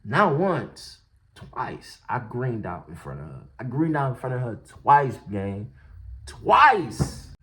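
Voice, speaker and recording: A man's voice: fairly low pitch, big pitch swings, normal speed, few pauses, darkish tone. A man telling a storytime vlog in slangy talk, laughing often as he goes. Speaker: vlogger.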